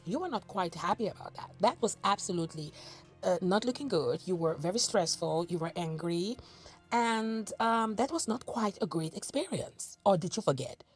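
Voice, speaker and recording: A woman's voice: mid-range voice, expressive, normal speed, breathy edge, soft background music. A woman giving sarcastic, scolding reaction commentary on video clips, mocking and challenging the person she watches.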